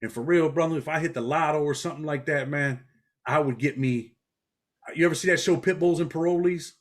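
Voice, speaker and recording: Fast-talking New man, blunt and streetwise. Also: fairly high pitch. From New York. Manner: blunt street talk, frequent "man" and "bro". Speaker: interview guest, former prisoner. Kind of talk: casual interview storytelling.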